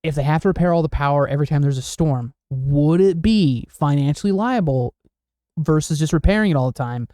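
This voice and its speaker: A man co-hosting a casual podcast, joking around and laughing often in quick banter. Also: a little high, mellow, no room sound, studio quality. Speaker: podcast co-host. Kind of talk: casual chat.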